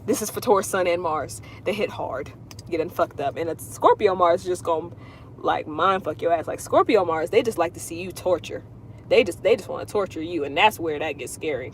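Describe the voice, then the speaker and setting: Woman, casual livestream chat, blunt and swearing, animated, mid-pitched voice, faint car hum behind. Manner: blunt, profane, animated storytelling. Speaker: astrology reader. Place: inside her car.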